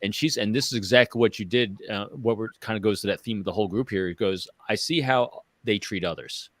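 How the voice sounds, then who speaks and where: A man hosting a podcast, speaking in a measured, affirming way. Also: lowish voice, a bit bright, no room sound. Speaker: podcast host. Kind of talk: casual conversation. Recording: dry close sound.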